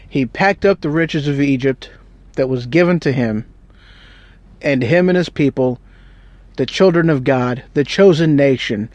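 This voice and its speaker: A man's voice: mid-range voice, a little slow, darkish tone, no room sound. A man telling a Bible story in a casual, rambling, joking way with slang. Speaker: Bible teacher.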